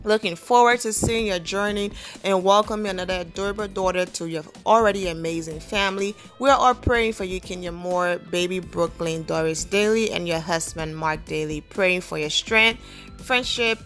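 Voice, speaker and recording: A woman runs her own celebrity news channel, chatting casually with fillers. She reads a message she wrote aloud. Soft music plays underneath. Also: lowish voice. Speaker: entertainment news vlogger. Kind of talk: casual commentary.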